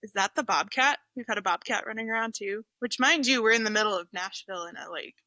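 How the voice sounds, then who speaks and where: A woman, a podcast guest telling a story in an expressive way and laughing easily, on a close mic. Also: mid-range voice, quick pace, no echo. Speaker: guest, journalist. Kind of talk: casual podcast chat.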